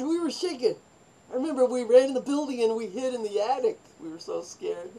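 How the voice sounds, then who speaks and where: An older woman in a personal storytelling monologue, rambling and animated, acting out the voices of people in her stories. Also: fairly high pitch, brisk, poor audio. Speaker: vlogger telling her life story.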